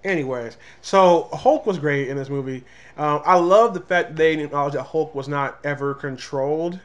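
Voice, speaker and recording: A man with a slightly higher voice chats through a casual movie review. He talks animatedly, jumping into quick character voices now and then. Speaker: comic review show co-host.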